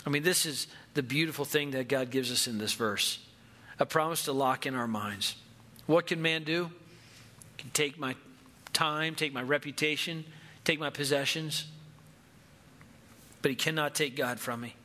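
Pastor, male, slightly high bright voice, earnest scripture-quoting sermon delivery. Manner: earnest, quotes scripture with slow emphatic stress.

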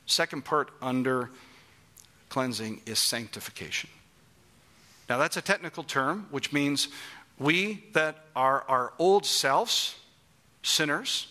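A man's voice: mid-range voice, creaky, pushed and bright. A middle-aged man preaching a sermon, emphatic and asking the congregation questions.

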